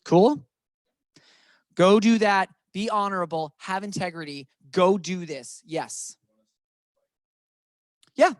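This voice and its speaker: A man leading a real estate training session, coaching his audience with energetic, motivational urging. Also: high voice, normal speed, long pauses, no echo, studio quality. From grew up on a cattle ranch. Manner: energetic, pep-talk coaching.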